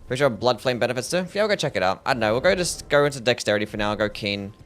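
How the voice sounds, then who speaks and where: A young Australian man talks very fast in a mid-range voice during a casual gaming stream, with a little hiss or hum in the audio. Relaxed and mumbly, he answers chat questions and often trails off unsure with "I don't know."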